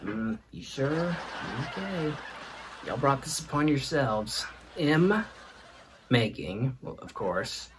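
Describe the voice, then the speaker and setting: A man's voice: medium pitch, very animated, background noise. Man drawling a playful comic monologue. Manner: playful, drawn-out teasing delivery. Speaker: host. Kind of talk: comedic monologue.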